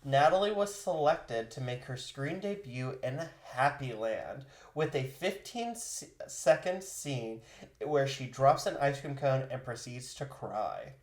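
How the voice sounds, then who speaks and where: A man co-hosting a podcast who tells a life story in easy, conversational chat. His voice sits at a middle pitch. It carries a roomy echo. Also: expressive, unhurried. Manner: laughs easily, recounts history conversationally. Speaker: podcast co-host.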